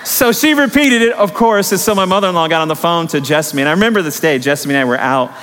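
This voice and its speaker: A middle-aged male pastor delivers a sermon in a fairly high voice, moving from a relaxed storytelling tone into emphatic, climbing peaks. The sound carries a long reverb, as in a large sanctuary. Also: fast, noisy background. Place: church sanctuary.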